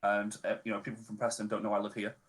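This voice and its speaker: A man with a Lancashire accent chatting as a guest on a stream, easygoing and relaxed, dropping local slang. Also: on the low side, very fast. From Northern England. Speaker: podcast guest. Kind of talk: casual chat on a charity stream.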